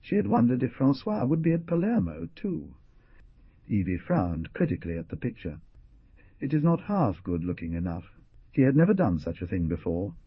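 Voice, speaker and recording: A man narrating an audiobook in a dramatic style, with a husky voice and lively delivery of the characters' lines. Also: mid-range voice, moderate pace, no echo. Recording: dull, muffled studio recording.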